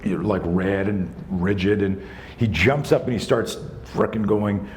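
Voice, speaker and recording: Animated, profane man in his sixties. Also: on the low side, a little slow, a little hiss or hum. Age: 60s. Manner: animated, profane, conversational storyteller. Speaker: self-defense instructor. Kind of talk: live storytelling talk.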